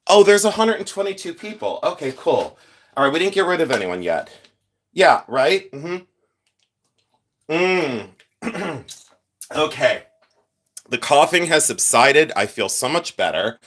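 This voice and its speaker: Casting: middle-aged male livestream host, stuffy-nosed and rambling, voice sitting a bit high. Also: very animated, takes it slowly, long pauses, fairly bright tone. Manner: chatty, rambling, thanks viewers often. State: congested, sniffly from sinuses. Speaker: livestream host, jewelry collector. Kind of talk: casual live-stream chat.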